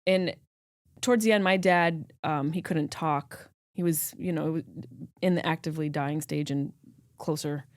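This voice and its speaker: A woman's voice: low-pitched, unhurried, no echo, studio quality. A woman podcast host and comedian, talking in a casual interview and speaking reflectively about personal stories.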